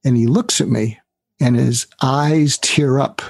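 A man's voice: medium pitch, slow pace, vocal fry, dry recording. An older man telling a story as a guest in an interview, acting out the voices of the people in it. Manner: animated storyteller, acts out quoted voices. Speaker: guest, author.

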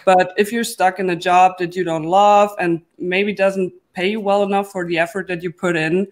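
A woman's voice: fairly low pitch, steady tone, normal speed. A young woman, a guest entrepreneur, telling her story in a casual, chatty way with many fillers. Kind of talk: casual panel chat.

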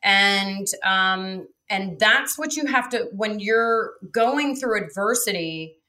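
A woman's voice: mid-range voice, slow pace, pushed and bright. A woman guest telling stories frankly in a casual interview, with many fillers. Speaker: guest, real estate developer.

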